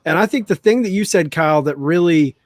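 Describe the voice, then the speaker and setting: A man's voice: fairly high pitch, a little fast, crowd noise. A man hosting a podcast, talking casually and thinking aloud as he builds his point. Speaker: podcast host. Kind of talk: casual panel chat.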